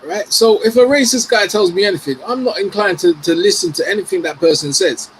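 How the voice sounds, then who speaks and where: A man from the UK argues forcefully on an online debate panel, swearing and pressing to finish his point. His voice sits a little high, with a faint hiss of background noise behind him. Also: brisk. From United Kingdom. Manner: forceful, argumentative, profane, insists on finishing.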